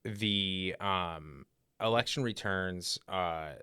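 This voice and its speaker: A man with a low, smooth voice co-hosts a casual political podcast. He talks in an animated, rambling way, full of fillers and restarts. The sound is dry and close. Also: drawn-out words, no room sound. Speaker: podcast co-host.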